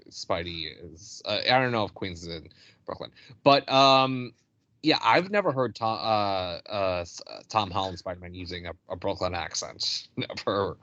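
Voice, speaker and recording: A man co-hosting a casual podcast chat, talking hesitantly with many pauses and restarts. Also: lowish voice, fairly bright tone, dry recording, muffled recording. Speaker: podcast co-host. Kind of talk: casual chat over a call.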